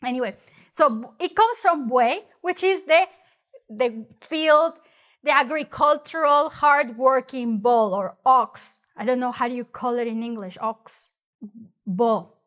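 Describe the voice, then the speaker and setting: A woman with a Mexican accent gives a loose, conversational Spanish lesson, speaking in English. Her voice sits high, and she keeps things lively by acting out the phrases she explains. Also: measured pace. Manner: chatty, animated, acts out mocking exaggerated voices. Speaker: Spanish teacher. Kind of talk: casual spoken lesson.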